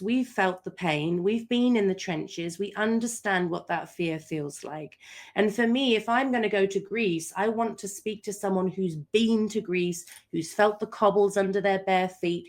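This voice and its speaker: A middle-aged woman coach in a podcast interview, telling stories with animated voices for her own quotes. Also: medium pitch, creaky.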